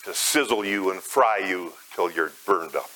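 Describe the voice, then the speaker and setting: A man preaching a sermon as guided imagery, dramatic, swelling loud and high, then dropping soft and low. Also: unhurried, low-quality recording.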